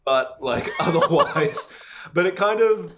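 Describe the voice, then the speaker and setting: A young man with an Australian accent, a guest chatting casually on a podcast, animated and laughing as he tells stories. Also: a little high, slow pace, very noisy. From Singapore. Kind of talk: casual chat.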